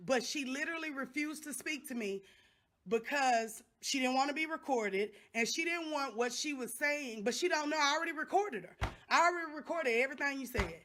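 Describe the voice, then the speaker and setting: Impassioned high-voiced woman. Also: lively intonation, brisk, fairly bright tone. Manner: impassioned, repeats phrases for emphasis. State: upset. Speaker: vlogger. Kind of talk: angry direct-to-camera vlog.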